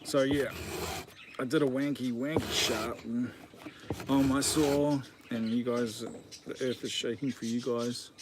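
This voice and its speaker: A man's voice: medium pitch, fairly even intonation, unhurried. A man chatting jokingly to his channel while sharpening a chainsaw outdoors. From New Zealand. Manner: joking, self-mocking, easily distracted. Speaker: channel host. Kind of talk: casual chat while working. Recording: noisy outdoor recording with filing and birds.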